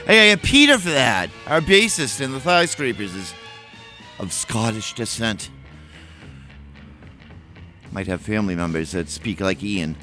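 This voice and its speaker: A man's voice: on the low side, sing-song, a little slow, pauses often, pushed and bright, faint music behind. A man hosting a college radio show, chatting casually and rambling between songs, correcting himself and humming filler beats. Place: radio studio.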